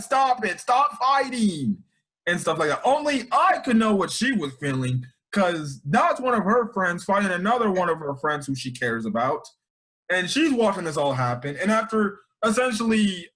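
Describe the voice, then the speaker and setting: A man hosting an anime review, talking in an excitable, slangy, rambling way full of restarts. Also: high voice. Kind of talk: casual chat.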